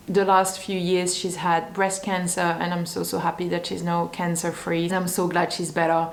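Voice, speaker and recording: A woman's voice: lowish voice, gravelly. Chatty French-accented woman in an echoey room. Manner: chatty, enthusiastic, rambling asides. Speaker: sewing YouTuber. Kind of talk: casual chat to camera. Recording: roomy echo.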